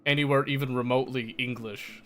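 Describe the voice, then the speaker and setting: A man's voice: medium pitch, fairly even intonation, a little fast, bright, forceful tone. A young American man chatting casually on a livestream, laughing often and answering chat. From United States.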